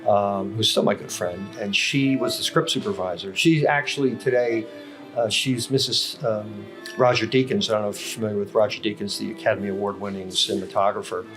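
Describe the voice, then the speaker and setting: An older man, a guest on a podcast, tells long stories about his career in a coffee house with music playing. His voice is lowish, fairly even in intonation and a bit fast, and he uses many fillers and corrects himself often.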